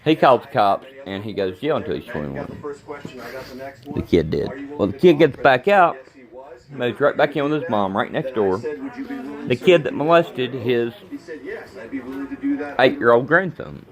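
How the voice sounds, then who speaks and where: A man's voice: mid-range voice, lively intonation, unhurried, pauses often, crowd noise. A middle-aged man, ranting angrily and repetitively to the camera. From Kentucky. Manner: agitated, repetitive, plain-spoken. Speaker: vlogger. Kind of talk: angry rambling rant to camera.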